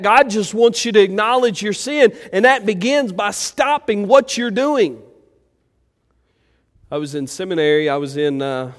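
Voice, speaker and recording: A pastor preaching a sermon, moving between loud, urgent pleas and quiet, low reflection. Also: male voice. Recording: church hall with long reverb.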